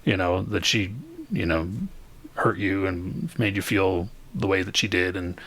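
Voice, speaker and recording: A man narrating as game master of a tabletop game, describing scenes in a halting way with many fillers. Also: low-pitched, fairly even intonation, fairly bright tone.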